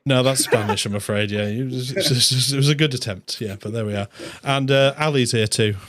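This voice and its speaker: A man's voice: medium pitch, fairly bright tone. Upbeat man hosting a show. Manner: upbeat, jokey, quick asides. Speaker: host. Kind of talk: hosting a live draft show.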